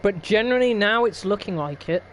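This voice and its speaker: A man's voice: high voice, animated, fairly quick, fairly bright tone, a little hiss or hum. A young man hosting a racing league stream, chatting casually in a wry, rambling way and laughing often. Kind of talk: casual live-stream chat.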